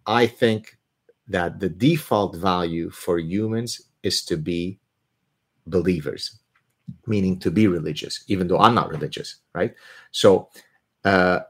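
A man hosting a live question-and-answer stream, talking in an animated, opinionated way with joking asides. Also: low-pitched, a little slow, breathy edge. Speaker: host answering viewer questions.

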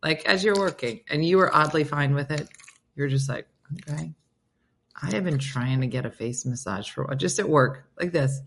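A woman's voice: low-pitched, a little fast, vocal fry, a bit bright, breathy edge. A woman hosting a casual morning livestream, chatting playfully with viewers and her dog. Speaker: livestream host. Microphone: phone.

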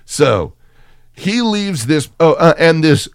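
A man's voice: on the high side, sing-song, slow pace, clean tone, no room sound, clean studio sound. A man co-hosting a casual chat about a movie, swearing and joking, now and then slipping into mock voices. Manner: profane, jokey, slips into mock voices. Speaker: podcast co-host.

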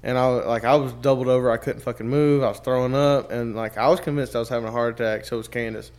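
A man's voice: mid-range voice, fairly even intonation, fast talker, a little mellow. A young man telling long stories in a loose, casual chat. He swears freely and strings thoughts together with fillers and restarts. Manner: profane, rambling storyteller.

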